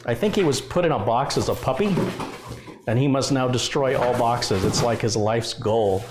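A man's voice: mid-range voice, normal speed, very noisy. A middle-aged man on a casual home live stream, chatting and talking playfully to his dogs. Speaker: tech channel host. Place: home room.

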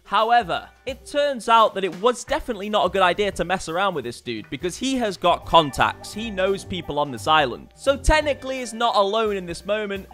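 A young man with a bright, forceful voice that sits a touch high. He narrates his gameplay in a chatty, self-mocking way, with faint music running underneath. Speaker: gaming YouTuber.

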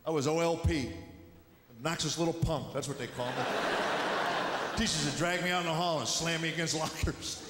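A middle-aged man with a fairly high voice works a stand-up routine, dry and wry, tossing off quick asides. He plays to a big echoing hall, with room noise clearly under him. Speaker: stand-up comedian. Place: large hall with live audience.

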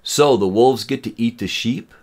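A man's voice: lowish voice, animated, normal speed. A man voicing a young male student who speaks hesitantly and bluntly. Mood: questioning.

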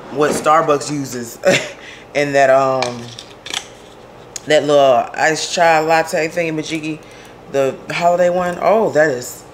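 A woman vlogging casually from her kitchen at home, her voice hoarse and raspy from a sore throat, chatting straight to her viewers and laughing often. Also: sits low, slight background noise. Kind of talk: casual vlog chat.

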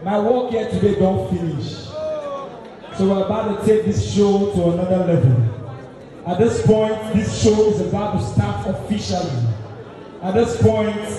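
A man with a Nigerian accent working as MC at a live show, hyping the crowd loudly and slipping into Pidgin. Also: sits high. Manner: loud, rousing, mixes in Pidgin. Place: live show venue in London. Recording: echoey hall from far off, loud crowd.

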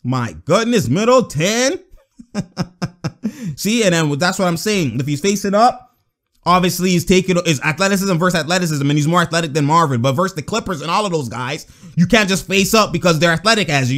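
A man giving casual, excitable reaction commentary over basketball clips, slangy and laughing often as he breaks down plays. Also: high-pitched, a little fast.

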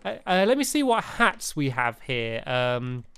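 A gaming host plays a game while acting out a fussy ice cream shopkeeper in playful role-play, animated and laughing through the shopkeeper bits. The voice is medium-pitched and clean-toned, a little slow.

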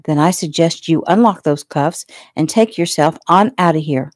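A woman voicing a spirited, no-nonsense private nurse who talks sharp, indignant and firm. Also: deep voice, moderate pace, no echo, studio quality.

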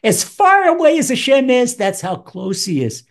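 A man teaching Psalms as a rabbi, animated, acting out voices with wide swings in pitch. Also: moderate pace. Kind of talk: Torah lesson.

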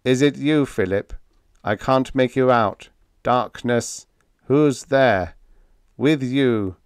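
Guy doing old professor talking through a wall speaker, flat and halting, dry close sound. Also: mid-range voice, smooth, no room sound, pitched above the performer's own voice. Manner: toneless, halting, without inflection.

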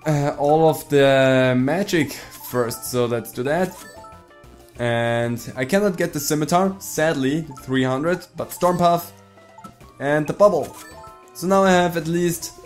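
A young man hosting a let's play, rambling casually with quick asides about the game. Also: a little high. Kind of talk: casual gameplay commentary.

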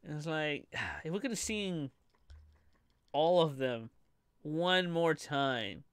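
A man on a live stream reacting to a trailer in a bright, high, lively voice. He swears freely, laughs a lot and drawls his words slowly. The sound is close and dry, from a desk mic at home. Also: smooth, no echo. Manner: animated, profane, laughs often.

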